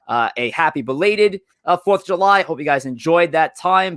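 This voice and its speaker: Bright-voiced chatty male sports podcast host. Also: a little high, no echo, studio quality. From New York area. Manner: chatty, self-deprecating, loose filler-heavy delivery. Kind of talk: casual sports podcast chat.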